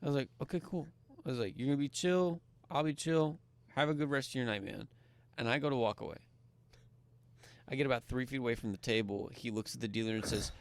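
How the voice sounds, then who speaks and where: A man's voice: medium pitch, quick pace, no echo. A man from Kentucky, co-hosting a podcast, telling a story in casual talk and acting out the voices of the people in it. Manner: animated, acts out dialogue, grows loud when excited. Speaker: podcast co-host.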